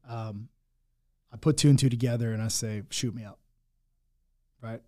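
A man's voice: medium pitch, steady tone, moderate pace, a little mellow. A young man telling his own hard story in candid talk, blunt and full of swearing and restarts. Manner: raw, blunt, swears often, many restarts.

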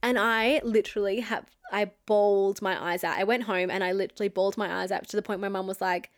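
A woman's voice: mid-range voice, fairly even intonation, quick pace, hardly any pauses. A young woman telling a personal story to camera in a candid, chatty way, with lots of "like" and some swearing. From Australia. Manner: chatty and candid, heavy use of "like", frequent swearing. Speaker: vlogger. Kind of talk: storytime monologue.

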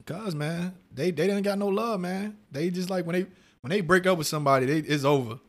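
Fast-talking profane man chatting casually. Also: sits high. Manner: loose, profane storytelling with quoted voices and laughs. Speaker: podcast co-host. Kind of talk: casual chat.

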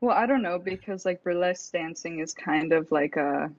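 A woman's voice: on the low side, normal speed, no room sound. Female podcast guest, giggly, rambling, dry and slightly dull audio. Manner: giggly, rambling with many fillers. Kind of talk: casual chat.

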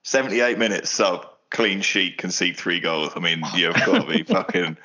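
Guy rambling about football, bright voice, muffled audio. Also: deep voice, moderate pace. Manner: rambling, laughing banter with lots of fillers. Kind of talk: casual football chat.

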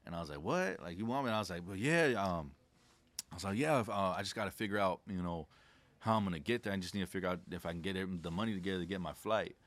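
On a podcast, a young credit specialist races along in a low, slightly bright voice with no room sound. He's laid-back and reflective, chatting casually and spinning stories in slang.

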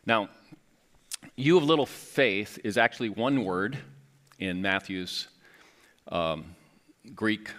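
A man's voice: on the low side, takes it slowly, long pauses, a bit bright. A man who is a lead pastor, preaching a sermon in a conversational, self-correcting way, acting out quoted voices with little laughs.

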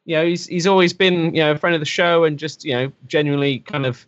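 Higher-voiced man on a lo-fi line. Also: a bit bright, smooth, no room sound. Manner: earnest, halting, with restarts. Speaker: podcast co-host. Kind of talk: casual chat.

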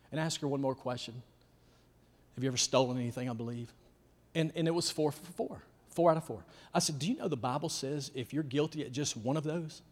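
Man, youth pastor, storytelling sermon, folksy, emphatic, fairly high-pitched, reverberant hall. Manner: folksy and emphatic, swinging from hushed to loud.

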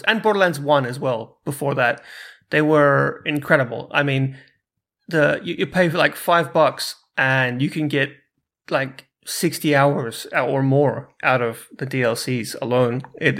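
A man's voice: mid-range voice, fairly even intonation, unhurried, gravelly, a bit bright. A man hosting a gaming podcast, chatting casually with restarts and stammers. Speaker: podcast host. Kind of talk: casual chat.

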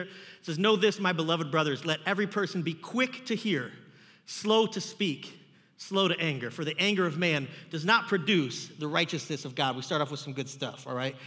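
A young man leads a youth group Bible lesson with a high, ringing, bright voice. He tells funny stories and teases the kids as he teaches. The sound carries a long reverb from the room. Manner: jokey, animated storytelling with asides to the kids. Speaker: youth pastor.

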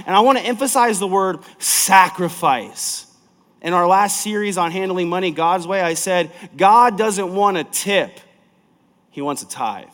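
A man preaching a sermon as pastor of a large church, emphatic and energetic, swinging from loud to soft. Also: high-pitched, long reverb tail.

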